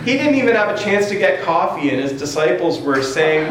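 A man preaching a sermon, conversational and animated, often repeating words as he tells stories. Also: sits high, brisk, background noise. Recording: roomy hall echo, faint ambience.

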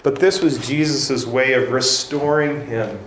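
A man preaching a sermon, conversational and animated, often repeating words as he tells stories. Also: mid-range voice, measured pace, a little hiss or hum. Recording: roomy hall echo, faint ambience.

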